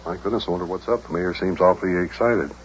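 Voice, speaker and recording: A man's voice: sits low, fast, breathy edge. A man hosting and narrating a children's radio show, kindly explaining the story to the kids. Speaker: host and narrator. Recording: dull old radio recording. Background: loud music.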